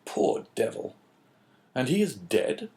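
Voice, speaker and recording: A man voicing a calm, phlegmatic English businessman in an audiobook, cool and measured. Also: mid-range voice.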